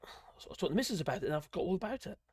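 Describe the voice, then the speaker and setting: Hosting a live politics stream, this man rambles bluntly, swears freely, and chuckles while commenting casually. His voice is high, husky, and darkish, with a sing-song lilt and a racing pace. The studio sound is clean, with no echo.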